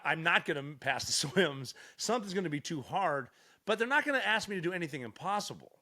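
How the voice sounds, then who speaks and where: A man's voice: a little high, pushed and bright. A man in his forties from Montana, a veteran guest telling stories in a blunt, profane way with frequent restarts. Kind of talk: casual storytelling interview.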